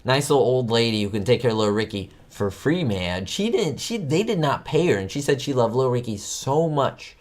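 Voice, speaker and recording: A man hosting a trivia livestream, his pitch leaping up and down as he rambles excitedly through sitcom facts. He talks straight to his viewers in a loose, chatty way over a streaming mic. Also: fairly quick, few pauses. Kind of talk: casual livestream chat.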